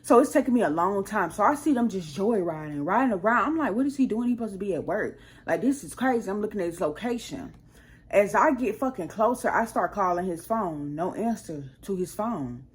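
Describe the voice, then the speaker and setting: Husky-voiced woman telling a profane story. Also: mid-range voice, animated, brisk. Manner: rambling and profane, acting out her own heated quotes. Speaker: storytime channel host. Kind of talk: casual storytime monologue.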